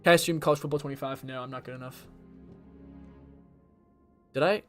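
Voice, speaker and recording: A man's voice: mid-range voice, fairly even intonation, brisk, faint music behind. A young man rambling casually while streaming a game, with lots of fillers. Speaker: gaming streamer. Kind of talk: casual chat while gaming.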